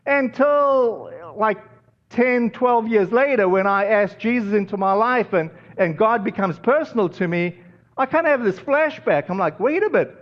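Pastor, male, high-pitched, casual storytelling sermon, slightly muffled audio. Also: a little slow. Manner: conversational, storytelling with many fillers.

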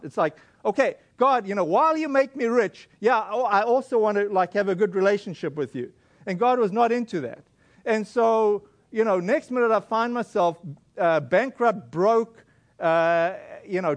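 A man from South Africa tells his story from the pulpit in an earnest sermon voice. His voice sits high, and he often restarts his sentences as he speaks. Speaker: pastor. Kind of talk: sermon testimony.

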